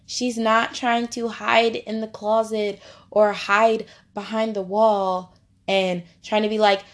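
A woman's voice: medium pitch, flat delivery, takes it slowly. A woman hosting a podcast Bible study, teaching in a chatty, informal way and laughing easily. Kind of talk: casual devotional teaching.

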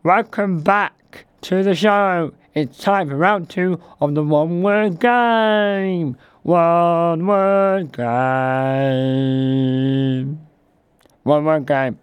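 Give me a man with a high, unhurried voice hosting a spoof radio show, chatty and self-mocking. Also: clean tone, dry recording. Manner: rambling, chatty and self-deprecating. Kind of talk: comic mock radio presenting.

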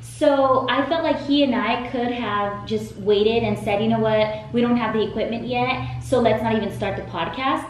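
A woman's voice: a little high, normal speed, hardly any pauses. Chatty woman podcast host, echoey room. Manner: enthusiastic, chatty. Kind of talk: casual podcast chat. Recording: very echoey room, faint noise.

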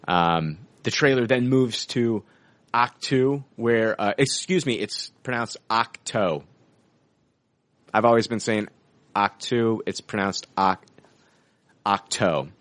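A man co-hosting a podcast, talking excitedly about a film trailer and swearing casually. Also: medium pitch, a little slow, no echo. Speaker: podcast co-host.

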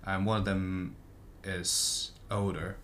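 A man's voice: deep voice, little pitch movement, takes it slowly, fairly bright tone. A man in casual chat about a book, hesitant and thinking aloud as he talks. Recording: faint background noise.

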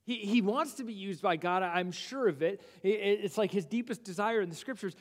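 A male pastor preaching, who animatedly acts out biblical figures' objections in quick asides. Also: high-pitched, big-room sound. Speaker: lead pastor. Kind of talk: sermon. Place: church sanctuary.

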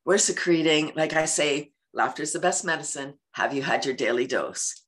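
A woman's voice: sits low, normal speed, a bit bright, a little hiss or hum. A woman guest talking about laughter yoga in an interview, acting out everyday scenes and laughing often. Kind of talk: casual interview talk.

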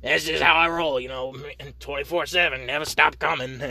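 A man's voice: on the high side, steady tone, moderate pace, vocal fry, pushed and bright, heavily acted. A man putting on a crude, shameless guy who boasts in a casual, offhand way. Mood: cocky.

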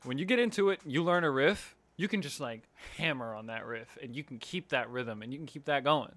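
A young man in casual chat, teasing his friend and telling stories with animated energy. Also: mid-range voice, a little fast.

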